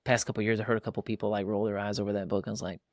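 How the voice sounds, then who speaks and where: A man in his thirties co-hosting a casual faith-based parenting chat, animated and acting out fathers and kids in quick voices. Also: fairly low pitch, no room sound, clean studio sound. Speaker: podcast co-host.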